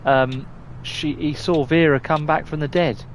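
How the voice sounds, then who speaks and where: A man talks slowly and casually as he streams a driving game, rambling and restarting his sentences with the odd mild curse. A faint hum sits under his voice. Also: a little high, steady tone. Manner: chatty, rambling, stumbling restarts, mild swearing. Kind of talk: casual live gameplay chat.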